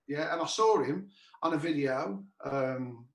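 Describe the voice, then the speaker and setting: Over a video call with roomy echo, a cabaret musician hosting a chat show tells a casual, rambling anecdote, restarting often and repeating "he said." His voice is a little high and unhurried.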